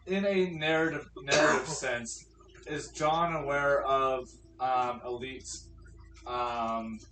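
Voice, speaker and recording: A man's voice: mid-range voice, fairly even intonation, sharp tone. A man playing at a tabletop game, chatting casually and joking with the group. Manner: joking, quick asides. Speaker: player. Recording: roomy, distant mic with faint noise.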